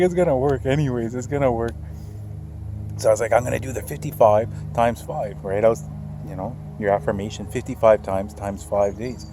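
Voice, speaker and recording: A middle-aged man with a lowish voice tells a personal story in a loose, rambling way, circling back and repeating phrases as he goes. He sounds earnest and direct. Car and street noise hums clearly behind him throughout. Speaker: channel host. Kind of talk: casual storytelling to camera.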